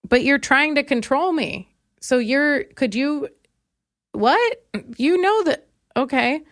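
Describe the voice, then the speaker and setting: A young woman hosting a comedy podcast, telling a story with sarcastic, animated asides. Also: high-pitched, slow, no echo, studio quality. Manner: sarcastic, animated, quotes others in mocking voices. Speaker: podcast host.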